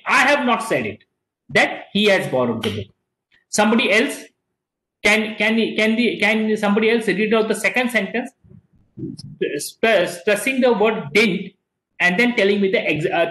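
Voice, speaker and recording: A lecturer giving an online class, pausing often and restarting sentences. Example lines come out slowly with heavy stress on single words. The voice sits in a mid range and rings in an echoey room. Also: medium pitch, fairly bright tone. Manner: halting, with frequent fillers and restarts.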